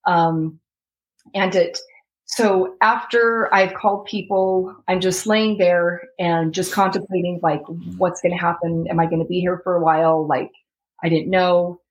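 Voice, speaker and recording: A woman's voice: lowish voice, steady tone, measured pace, rough recording. A young adult woman from the United States, telling a heartfelt personal story as an interview guest and acting out the voices of the people in it. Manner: heartfelt, acts out quoted voices, laughs between lines.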